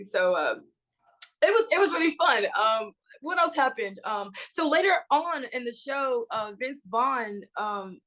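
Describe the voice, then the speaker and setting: Lively young New woman. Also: a little high, low-quality recording. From Brooklyn, New York. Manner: animated storyteller, slangy, acts out quotes. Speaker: guest singer-songwriter. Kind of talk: casual podcast storytelling.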